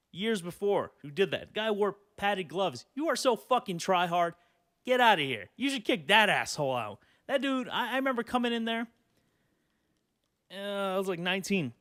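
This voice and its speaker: A young man in his twenties rambles through a casual solo podcast, cursing freely and laughing between thoughts. His voice sits a little high for a man. The sound is dry and close to the mic. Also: fairly bright tone, no echo. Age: 20s. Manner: rambling, profane, laughs often. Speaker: podcast host.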